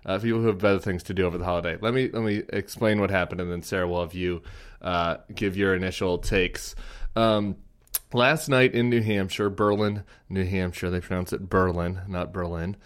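A man hosting a political podcast, chatting casually and reading out quotes with animated laughs. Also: low-pitched, fairly quick, smooth. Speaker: podcast host.

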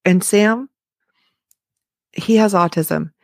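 A woman with a gravelly, fry-tinged voice speaks straight to her viewers in an upbeat, emphatic motivational talk. Her delivery is chatty and keen, and the recording sounds close and dry, with no room echo. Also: medium pitch, slow. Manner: enthusiastic, emphatic, conversational. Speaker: motivational vlogger.

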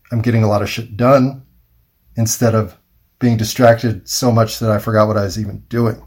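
A man rambling through a wry, self-mocking solo monologue, thinking aloud with pauses. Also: on the low side, darkish tone, breathy edge. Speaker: vlogger.

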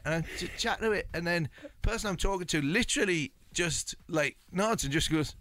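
A man, a comedian guest telling a rambling, animated anecdote in a radio studio. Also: high-pitched, fairly quick, hardly any pauses. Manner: rambling, animated storytelling with restarts and laughter.

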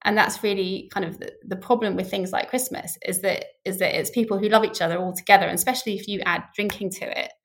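Middle-aged woman, expert guest; creaky, candid, animated delivery. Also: medium pitch, quick pace, hardly any pauses. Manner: candid, animated, laughs easily. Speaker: scientist guest. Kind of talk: casual explanatory conversation.

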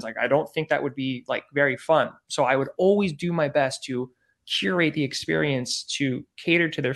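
A man, a podcast guest, casually telling an animated story and acting out the dialogue, peppered with "like" and "I go". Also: fairly high pitch, creaky. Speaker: podcast guest, former celebrity news field producer.

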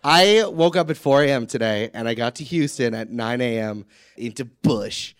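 A man in his thirties co-hosting a live podcast, telling stories in an excitable way. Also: medium pitch, normal speed, clean tone. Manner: excitable, storytelling, laughing. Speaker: podcast co-host. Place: live show on stage.

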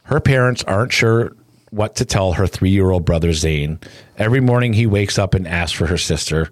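A man narrating a somber news report in a solemn, measured way. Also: low voice, no room sound, clean studio sound.

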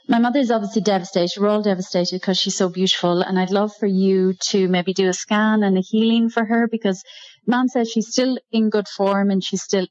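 A cheerful woman with an Irish accent calls in to a radio show, laughing easily as she talks. Her voice sits at an ordinary pitch, and the call audio is dull and lo-fi. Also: a little mellow. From Ireland. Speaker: caller.

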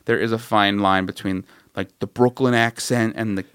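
A man co-hosting a comedy podcast, chatting casually and telling an anecdote with quick asides. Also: lowish voice, fairly even intonation, a bit bright, clean tone, no room sound, studio quality. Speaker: podcast co-host.

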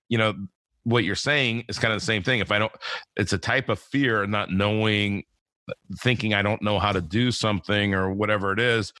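A man's voice: lowish voice, bright, forceful tone, no room sound. A man in his fifties hosting a podcast interview, talking in a rambling, easygoing way with lots of fillers and repeated words. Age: 50s. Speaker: podcast host. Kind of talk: casual interview chat.

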